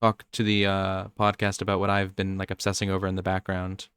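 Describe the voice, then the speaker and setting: In a deep, clear, resonant voice with a slightly bright edge, a young American podcast co-host talks briskly but with a completely flat delivery. He rambles through nerdy topics in casual chat, often interrupting himself. The studio-quality audio has no echo.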